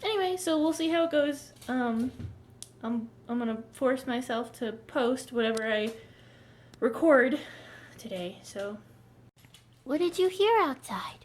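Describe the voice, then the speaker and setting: A young woman's high, expressive voice, a little slow, coaxes and praises her dog with bubbly baby talk as she vlogs the training session. Slight background noise can be heard.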